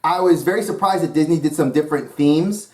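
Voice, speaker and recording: A man's voice: fairly high pitch, fairly quick. A man from New York hosting his own channel, talking about cartoons in a rambling, enthusiastic way. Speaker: YouTube channel host. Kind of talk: casual vlog talk.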